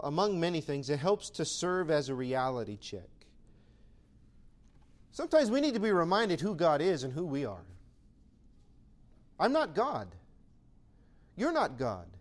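A male pastor preaching a sermon to his church, animated and conversational, sometimes acting out imagined voices. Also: a little high.

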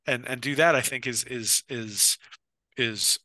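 Guy co-hosting a football show, super bright tense voice, dry close sound, rambles and restarts a lot. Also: mid-range voice, measured pace, no room sound. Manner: long-winded, repeats words when restarting, animated. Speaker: co-host of a college football podcast. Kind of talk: casual sports talk.

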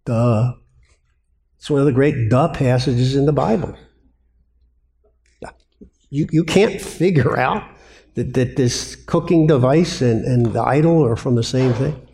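A man preaching a sermon on biblical counseling, lively, who keeps asking rhetorical questions and answering them himself. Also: mid-range voice, a little slow, creaky, pauses often.

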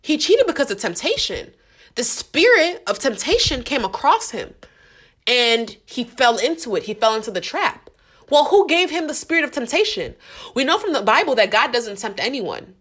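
This faith podcast host has a somewhat high, sing-song voice that is a bit bright and slightly rough, delivered at normal speed. She chats earnestly in slang, repeats herself, talks directly to listeners, and is becoming emotional.

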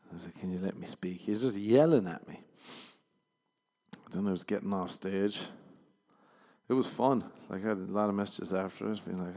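Irish comic, young, low gravelly voice, rambling and profane solo podcast host. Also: male voice, normal speed, darkish tone. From Ireland. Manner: rambling, profane, self-mocking. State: tired voice from overuse. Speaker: stand-up comedian and podcast host. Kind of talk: casual solo podcast monologue.

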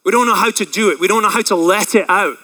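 High bright-voiced male pastor preaching. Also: fast, low-quality recording. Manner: rises to loud impassioned cries on quoted prayers, drops low and quiet when reflecting; frequent fillers and restarts. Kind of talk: sermon.

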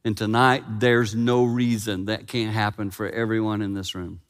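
A man preaching a sermon in a church, animated and emphatic, slowing down for his earnest points. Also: on the low side. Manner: animated, building to loud emphasis, then slow and earnest. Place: church sanctuary. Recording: long reverb in church hall.

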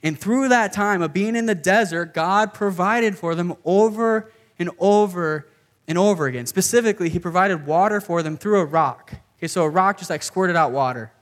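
Man, high-pitched voice, casual sermon, conversational, says "okay" and "like" often. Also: moderate pace. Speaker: pastor. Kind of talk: casual sermon to a live group.

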